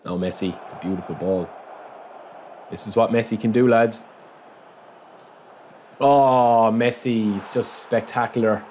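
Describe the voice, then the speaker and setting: A man with a fairly low voice commentates casually on his own football video game match at a measured pace with long pauses, over a little hiss or hum. Excitable, he yelps and shouts at goals and big moments and makes chatty asides to viewers in this let's-play.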